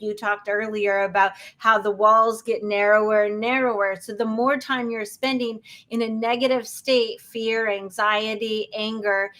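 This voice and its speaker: A woman's voice: on the high side, a bit bright. A woman hosting a podcast, speaking in an emphatic, motivational coaching manner. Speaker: podcast host. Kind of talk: podcast interview.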